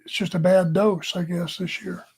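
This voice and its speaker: A man's voice: high voice, flat delivery, normal speed, husky. An older man with a Southern US accent, co-hosting a casual podcast, laid-back and plainspoken. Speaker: retired wrestler, co-host.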